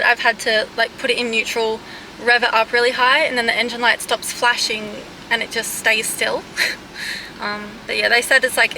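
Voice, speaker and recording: A woman's voice: on the high side, noisy background. A young Australian woman chatting casually in a bubbly, gushing vlog, laughing easily. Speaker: vlogger.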